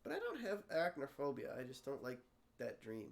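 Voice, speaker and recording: A man's voice: medium pitch, huge pitch swings, fairly quick, gravelly. Man rambling through a casual story. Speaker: gaming friend.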